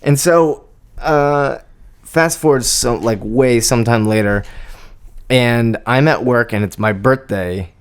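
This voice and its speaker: A young man co-hosting a casual podcast, spinning an embarrassing story with lots of energy. He laughs through it and jumps into quick impressions of what was said. His pitch sits at an ordinary middle height. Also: smooth. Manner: animated, laughs while telling, acts out quoted lines. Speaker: podcast co-host.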